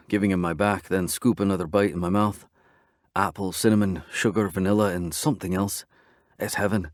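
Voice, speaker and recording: A man narrating a romance audiobook in the first person, in a steady, conversational storytelling manner. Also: low-pitched, a little fast, no room sound, studio quality.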